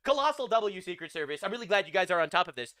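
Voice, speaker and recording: A man's voice: sits high, lively intonation, rapid-fire, bright, forceful tone. A man hosting a live news reaction stream, talking in a crude, sarcastic, mocking rant.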